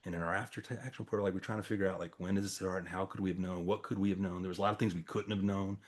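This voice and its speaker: Middle-aged man with a low, husky voice, telling a story in relaxed conversation. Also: rapid-fire. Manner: conversational, acts out quoted dialogue, frequent fillers. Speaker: storyteller recounting a campus crisis. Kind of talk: casual spoken storytelling to a small audience.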